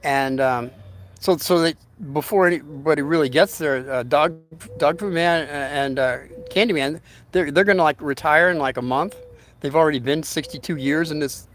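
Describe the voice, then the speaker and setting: A man tells a long story in a loose, conversational way, stopping and restarting his sentences as he goes. His voice sits a little higher than most men's. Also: fairly bright tone. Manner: rambling, halting delivery with many restarts and fillers. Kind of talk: casual spoken anecdote.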